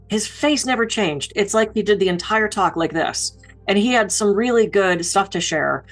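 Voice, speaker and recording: A woman keynote speaker giving public speaking advice in an expressive, down-to-earth, conversational way. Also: fairly low pitch.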